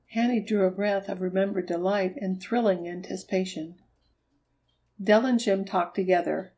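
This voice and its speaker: A woman narrating a children's storybook in an even, measured reading. Her voice sits at a middle pitch for a woman. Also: rough recording. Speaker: audiobook reader. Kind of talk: scripted narration.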